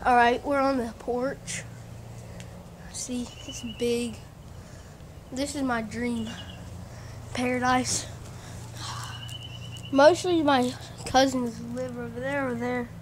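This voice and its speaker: A woman's voice: on the high side, fairly even intonation, slow, pauses often. A teenage girl rambling casually through a tour of her home, with distracted asides, recorded on a handheld phone. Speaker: vlogger. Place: house, walking through rooms and outdoors. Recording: noisy home video.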